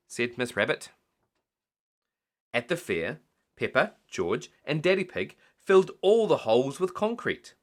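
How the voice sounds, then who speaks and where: A man reading a bedtime story aloud in an expressive, animated way. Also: mid-range voice, measured pace. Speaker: storyteller dad.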